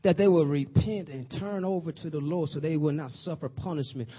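A man's voice: a little high, brisk, husky. A man preaching a sermon, building to fervent emphasis and repeating his phrases. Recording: dull lo-fi sound.

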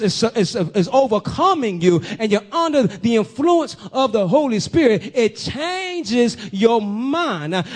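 A man with a high, light voice preaches a sermon. He questions his listeners directly, swells to loud, emphatic peaks and then sinks back to a low, quiet delivery. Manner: talks straight to the congregation with questions.

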